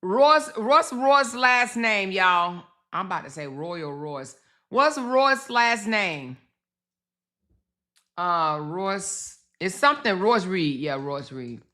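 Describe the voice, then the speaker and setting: A woman hosting a casual commentary livestream, chatting slowly with viewers, swearing and reacting to social media posts. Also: mid-range voice, lively intonation, bright, forceful tone.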